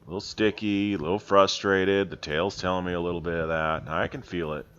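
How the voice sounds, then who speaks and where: A man with a deep, low voice gives calm voice-over on his own riding footage as a horse trainer. He explains plainly and is open about his own mistakes. The sound is somewhat dull and lo-fi. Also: fairly quick.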